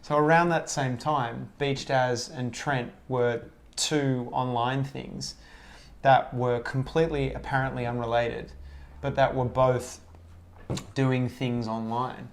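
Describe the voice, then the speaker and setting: A man's voice: mid-range voice, steady tone, takes it slowly. A man, telling stories in a loose, rambling casual chat and swearing often. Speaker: guest.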